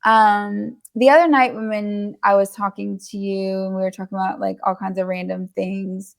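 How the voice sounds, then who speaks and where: A woman's voice: medium pitch, little pitch movement, normal speed, gravelly. A woman chatting casually on a podcast, teasing and questioning in a playful way. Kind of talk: casual chat.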